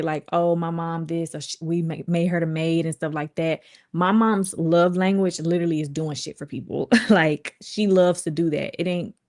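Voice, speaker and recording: Chatty woman with a lowish voice. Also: a little mellow. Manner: chatty and candid, rambling with frequent asides and quoted voices. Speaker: vlogger and livestream host. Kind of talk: casual chat to viewers.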